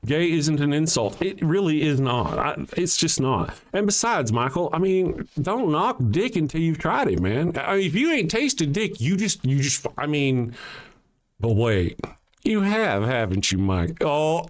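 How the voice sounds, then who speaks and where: A man's voice: fairly high pitch, big pitch swings, unhurried. A man hosting a livestream, ranting back at commenters in a profane, sarcastic, confrontational way, often restarting his sentences. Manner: frequent restarts and trailing sentences. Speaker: livestream show host. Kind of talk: heated livestream commentary reading chat.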